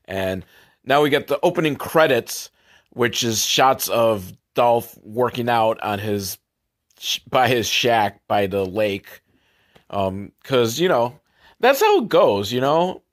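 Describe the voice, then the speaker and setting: A man with a medium-pitched voice hosts a comedy podcast and rambles through a movie recap. He keeps slipping into sarcastic asides, and some of them sink into a low mutter. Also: animated, slow. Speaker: podcast host.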